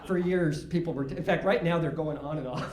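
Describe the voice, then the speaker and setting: Older male stand-up, high animated voice, rambling self-deprecating delivery, echoey room. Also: fairly quick, crowd noise. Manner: self-mocking, rambling, with frequent false starts. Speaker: stand-up comedian. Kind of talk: stand-up comedy set.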